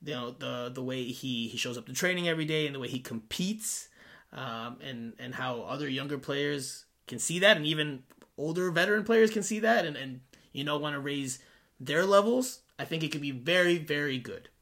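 A man with a bright, forward voice sitting fairly high for a man. He co-hosts a sports podcast in loose, casual chat. He talks in an animated, often sarcastic way, with sudden jumps in pitch. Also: moderate pace. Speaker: podcast co-host.

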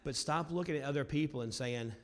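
A male pastor preaching a sermon, with a loud, carrying voice that swings from booming to hushed. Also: brisk. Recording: long hall reverb.

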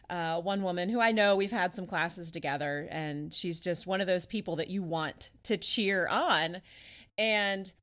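On a podcast, a woman pastor casually tells a story. She's animated, laughs a lot, and her pitch swings widely as she talks.

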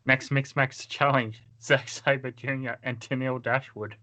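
A man's voice: mid-range voice, flat delivery, unhurried, pushed and bright. A man co-hosting a casual wrestling podcast, moving the talk along and asking questions. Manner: steers the talk, asks questions. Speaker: podcast co-host.

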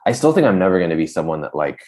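A man's voice: low voice, big pitch swings, very fast, darkish tone. A young man co-hosting a podcast, talking in a hesitant, self-deprecating way with many fillers, his voice sometimes cracking upward. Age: young adult. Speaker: podcast co-host. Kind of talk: casual chat.

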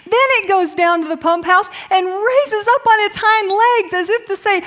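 A middle-aged woman preacher who opens with a soft, hushed prayer and then tells stories in a lively way. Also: very high-pitched, normal speed. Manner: hushed, prayerful when praying, lively storytelling after. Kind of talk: sermon with prayer and storytelling.

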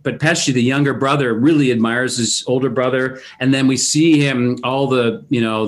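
A man in a casual film discussion, animatedly retelling scenes, with many fillers and restarts. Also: mid-range voice.

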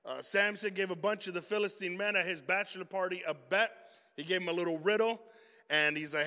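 Young male youth pastor, high bright voice, loose slangy storytelling, long hall reverb. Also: brisk. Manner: animated, slangy, swings from loud stories to hushed points. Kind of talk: energetic youth sermon with storytelling.

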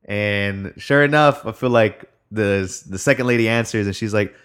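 A young man with a slightly low voice rambles through a casual story. He swears often and fills gaps with "like" and "um." He talks loosely, as he would with a friend. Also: moderate pace, a bit bright, smooth. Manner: rambling storytelling, heavy swearing, frequent fillers. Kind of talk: casual chat.

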